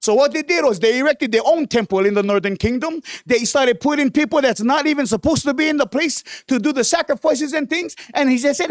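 High-voiced male preacher, joking and lively. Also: fast, few pauses, dry recording, clean studio sound. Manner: playful, joking asides and frequent hallelujahs. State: losing his voice. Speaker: guest preacher. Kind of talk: sermon. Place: church.

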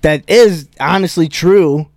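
A man's voice: fairly high pitch, takes it slowly, darkish tone, no echo, clean studio sound. A man, a stand-up comedian, telling a rambling, profane story in casual chat.

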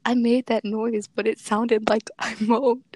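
A teenage girl chatting casually and telling a story, animated and giggly, laughing often. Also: on the high side, a little slow, dry recording. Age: teens. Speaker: podcast co-host.

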